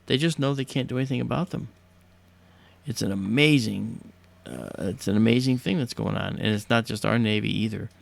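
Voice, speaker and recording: A man's voice: lowish voice, a little fast, vocal fry. A man hosting a livestream, telling a story casually in a hesitant way full of fillers and restarts. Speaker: livestream host.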